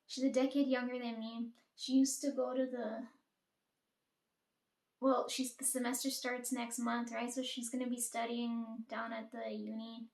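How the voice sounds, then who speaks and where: A woman's voice: a little high, flat delivery, a little slow, gravelly, a little mellow. Chatty woman, roomy echo. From Caribbean. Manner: chatty, profane, fillers "like" and "right?". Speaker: storyteller. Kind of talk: casual storytime chat.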